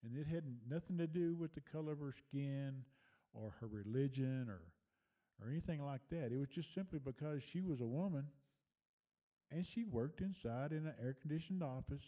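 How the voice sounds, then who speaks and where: A man's voice: fairly high pitch, normal speed, dark tone. An older man, telling a personal memory in a folksy, rambling way with plenty of fillers. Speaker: storyteller sharing memories. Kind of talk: casual personal storytelling.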